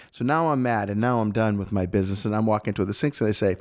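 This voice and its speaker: A man co-hosting a podcast in casual chat, telling animated stories and acting out the quoted lines. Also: mid-range voice, fast talker, few pauses. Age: adult. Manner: animated storyteller, acts out quotes. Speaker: podcast co-host.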